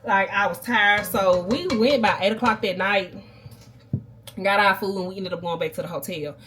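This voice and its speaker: A woman's voice: mid-range voice, moderate pace, noisy background. Chatty woman telling a story. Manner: chatty, animated storyteller who keeps calling the viewers "baby" and "y'all". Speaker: vlogger. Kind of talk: casual storytime chat.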